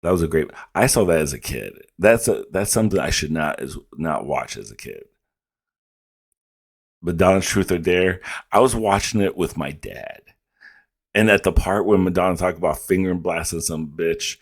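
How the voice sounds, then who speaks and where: A man's voice: deep voice, expressive, normal speed. A man hosting a reaction video, chatting casually and rambling with frequent laughs and restarts.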